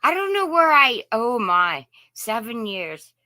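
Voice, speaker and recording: A woman hosts a casual morning live stream and greets each viewer by name in a friendly, folksy way. She talks slowly and unhurriedly, in a bright voice pitched a little high. The recording is dry and close, with no room echo. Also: very animated. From Indiana.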